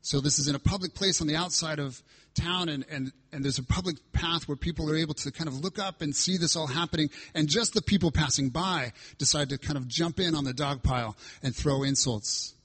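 A man's voice: on the high side, a little fast, fairly bright tone, breathy edge. A male pastor preaching a sermon, reading scripture aloud and stressing lines with dramatic emphasis.

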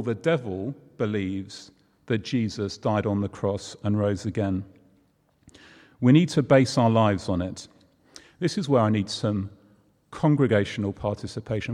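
A man's voice: fairly low pitch, a little mellow. A man preaching a conversational sermon, using props and everyday examples. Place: church hall. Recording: long hall reverb.

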